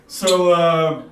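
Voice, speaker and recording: Brief: young male comic, chatty stand-up, slightly high voice, roomy café mic far away. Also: a little hiss or hum. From Sweden. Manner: loose, chatty, laughs at his own jokes. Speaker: stand-up comedian. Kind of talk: stand-up comedy set. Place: small café stage.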